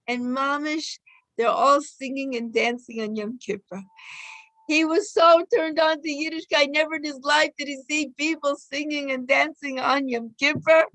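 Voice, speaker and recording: A woman's voice: sits high, fairly bright tone, dry recording, low-quality recording. A woman giving an informal, emotive Torah class, telling personal stories and sprinkling in Hebrew and Yiddish terms. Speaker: Torah teacher.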